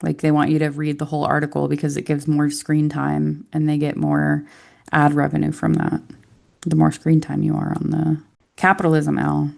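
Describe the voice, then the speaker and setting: A woman's voice: sits low, monotone, moderate pace, creaky, a little mellow. A woman from the United States co-hosting a casual gaming podcast, with wry joking asides. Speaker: podcast co-host.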